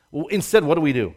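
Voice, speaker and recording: A pastor preaches a sermon, lurching between loud, emphatic climbs and quiet asides, laughing at his own jokes.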